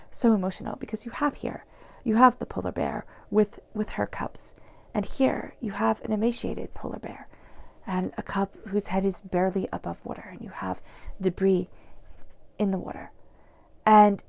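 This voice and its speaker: A woman gives an earnest tarot reading in a soft, mellow voice with a gravelly edge of vocal fry. She slips now and then into near-whispers. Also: medium pitch. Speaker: tarot reader.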